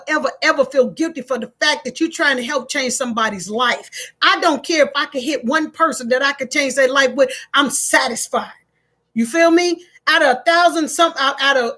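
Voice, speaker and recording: Preaching to her viewers during a live-stream motivational session, this middle-aged online host speaks emphatically and plainly in Black American vernacular. Her voice is high with a sharp edge.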